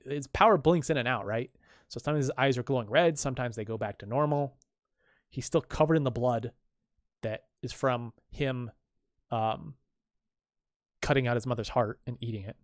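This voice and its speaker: A man's voice: mid-range voice, no room sound, studio quality. A man, a comic creator, casually reading his own comic aloud and explaining the panels, chatty and full of restarts.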